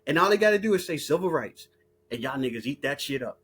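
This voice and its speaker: A man's voice: on the high side, expressive, fast, a bit bright, husky. A man from the United States in an unscripted, profane rant as an online commentator, blunt and heated, laughing between points.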